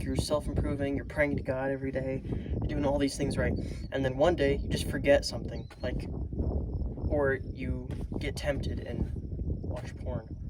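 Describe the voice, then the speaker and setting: A man giving a casual, earnest motivational talk to camera, rambling with many fillers and restarts. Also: mid-range voice. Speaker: self-improvement vlogger. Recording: loud vehicle noise behind.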